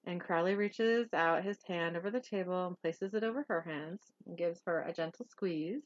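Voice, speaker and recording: A woman's voice: on the low side, moderate pace, highs cut off. A woman hosting a casual podcast, recapping a TV episode in a chatty way with fillers and laughter.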